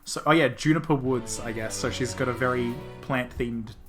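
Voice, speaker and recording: A streamer chatting casually while playing a story game, laughing and swearing in quick offhand remarks. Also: mid-range voice, over music.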